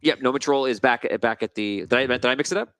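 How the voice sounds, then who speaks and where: Brief: chatty game master, bright, forward tone, rambling and self-correcting. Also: male voice, medium pitch, fast, clean tone, no echo. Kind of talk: narrating a tabletop game.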